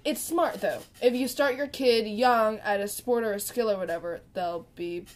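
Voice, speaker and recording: A woman's voice: mid-range voice, normal speed. A teenage girl co-hosting a podcast, telling a story in a casual, chatty way with lots of fillers and acted-out quotes. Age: teens. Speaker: podcast co-host. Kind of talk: casual chat.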